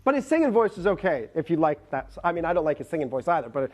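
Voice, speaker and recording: A man's voice: fairly high pitch, big pitch swings, fast, darkish tone. Chatty Canadian man on shopping TV. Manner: chatty, laughing, self-deprecating. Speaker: jewellery presenter. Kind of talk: live TV chat.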